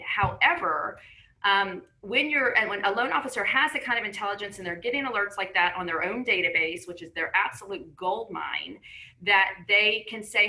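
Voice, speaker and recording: A woman's voice: medium pitch, pushed and bright, rough recording. A woman on a panel discussion, explaining her point conversationally with everyday examples.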